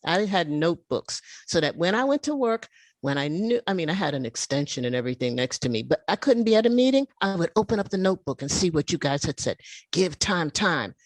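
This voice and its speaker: A woman in her seventies sharing her personal recovery story at a meeting, telling it in an animated, emotional way. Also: lowish voice, fairly quick, dry recording. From United States. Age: 70s. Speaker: meeting speaker. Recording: video call audio.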